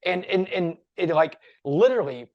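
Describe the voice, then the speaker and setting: A man's voice: high voice, lively intonation, moderate pace, muffled recording. Male motivational speaker guest, earnest and emphatic, preaching tone in a casual chat.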